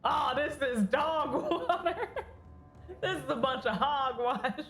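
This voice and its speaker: Giggly high-voiced woman streaming a game. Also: animated, slow pace, fairly bright tone. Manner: giggly, chatty, talks to the game characters. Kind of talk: casual gameplay commentary. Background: faint game music.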